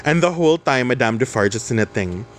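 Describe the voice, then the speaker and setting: A man's voice: mid-range voice, animated, brisk, a little hiss or hum. Man reading a novel aloud. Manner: chatty asides with fillers and self-corrections. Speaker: reader and explainer of a novel.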